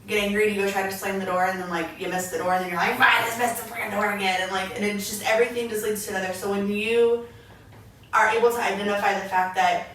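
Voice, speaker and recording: A young adult woman co-hosts a podcast, telling stories in casual chat and animatedly acting out things she once said. She speaks fast at medium pitch, recorded in an echoey room with the mic far away and faint noise.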